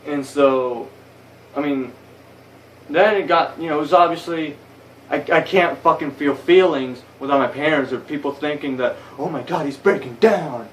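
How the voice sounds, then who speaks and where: A man's voice: a little high, normal speed, a bit bright, far from the mic, slight background noise, poor audio. A young man telling a story in a casual vlog, rambling and swearing a lot, heated and blunt. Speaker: vlogger. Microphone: phone camera.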